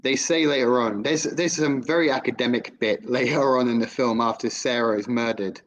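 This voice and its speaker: A man co-hosting a film podcast who talks in a measured way, filling in details and laughing often. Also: mid-range voice, fairly even intonation, poor audio. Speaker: podcast co-host. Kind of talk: casual film-review chat.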